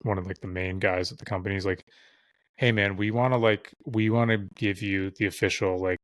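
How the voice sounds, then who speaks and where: Lowish guy rambling thru a story, swears a ton, lots of "like", dry mic. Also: fairly even intonation, brisk, no room sound. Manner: loose and profane, filler-heavy. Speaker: podcast guest. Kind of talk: casual storytelling chat.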